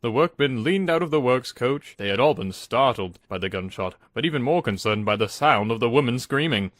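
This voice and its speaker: A man's voice: medium pitch, expressive, a little fast, a bit bright, dry recording, studio quality. A man narrating a scripted storybook with a dramatic reading style.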